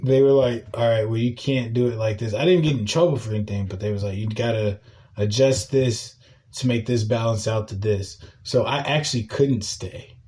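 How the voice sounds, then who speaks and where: A man hosting a podcast, telling a casual story in a profane, animated way and breaking into loud shouting. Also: on the low side, moderate pace. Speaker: podcast host.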